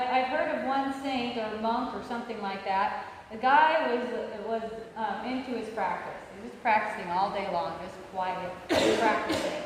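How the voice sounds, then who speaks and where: A woman's voice: fairly high pitch, slight background noise. A woman giving a casual spiritual talk full of anecdotes. She rambles, with frequent fillers and restarts, and laughs often between points. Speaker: spiritual teacher. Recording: echoey hall with long reverb.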